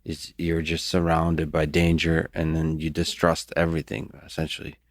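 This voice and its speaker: A man's voice: rumbling low, monotone, normal speed, no echo, studio quality. A man hosting a podcast interview, asking searching questions that trail off and restart. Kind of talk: conversational interview.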